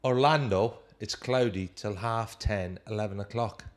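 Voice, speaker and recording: A man, a former footballer and co-host, telling anecdotes in a casual chat with lively quoting and laughter. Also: fairly low pitch, a little slow.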